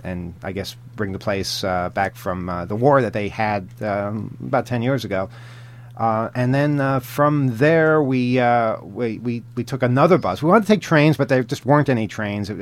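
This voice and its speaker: Rambling man telling travel stories. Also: lowish voice. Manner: rambling, many fillers and restarts, chuckles often. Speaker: podcast co-host. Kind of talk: casual travel chat.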